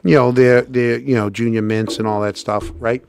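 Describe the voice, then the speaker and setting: At a moderate pace and with some vocal fry, a man hosting a podcast tells a long, casual story and brings each quote to life with sweeping jumps in pitch.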